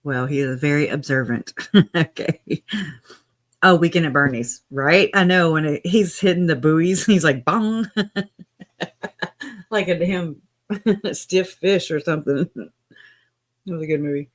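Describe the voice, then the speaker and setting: A man hosting a live stream in a casual, chatty way, chuckling often and talking with his mouth full. His voice sits a little high and he takes his time. He sounds relaxed, unhurried and loose.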